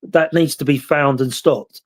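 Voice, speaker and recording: A man's voice: a little high, steady tone, unhurried. A man with a British accent, hosting a casual chat and telling stories in a rambling, reflective way. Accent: British English. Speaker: host.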